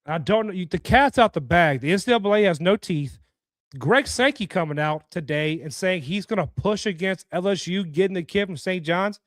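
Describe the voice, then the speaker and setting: A man's voice: high voice, expressive, moderate pace, fairly bright tone, dry recording, clean studio sound. A young man from hosting a sports talk show, talking casually in a blunt, opinionated, scolding way. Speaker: podcast host.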